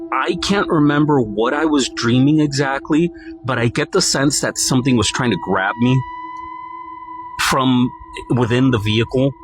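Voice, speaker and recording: A man earnestly retelling his own creepy experience in a halting, first-person storytime. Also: medium pitch, rough recording. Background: clear background music.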